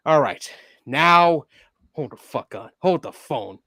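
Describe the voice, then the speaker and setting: A man's voice: fairly high pitch, animated, takes it slowly, pushed and bright, dry recording. A man hosting a casual gaming livestream, swearing freely and laughing often as he reacts to game trailers and fights his computer. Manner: profane, laughs often, grumbles at tech trouble.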